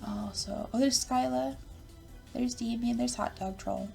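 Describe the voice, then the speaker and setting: A woman's voice: a little high, unhurried, gravelly, mellow, faint music behind. A woman hosting a let's play of a visual novel, reading the game text aloud and breaking off into rambling, self-interrupting rants.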